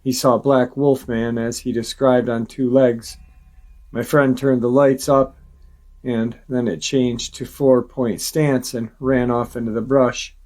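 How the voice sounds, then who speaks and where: Male narrator, average pitch, calm steady reader for first-person story reads. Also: measured pace. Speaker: channel host reading a viewer's story.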